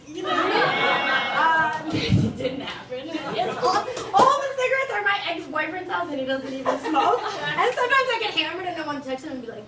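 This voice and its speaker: A woman's voice: extremely high pitch, very animated, a little fast, few pauses, crowd noise. A young woman from Bolivia doing a stand-up comedy set, rambling, crude and laughing often. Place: small venue with live audience. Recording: roomy, distant live room recording with noise.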